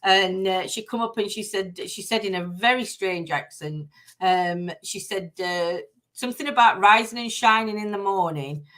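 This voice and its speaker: A woman's voice: medium pitch, moderate pace, fairly bright tone. A middle-aged woman with a Northern English accent hosting a casual live stream. She rambles through lots of fillers, reads oracle cards and greets her viewers by name.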